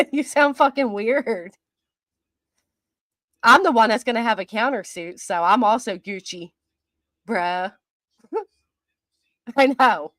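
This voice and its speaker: A middle-aged woman hosting a livestream, reading viewer comments aloud and answering them in a mocking, defiant way, quick to laugh. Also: a little high, fairly bright tone, no room sound. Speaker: commentary channel host.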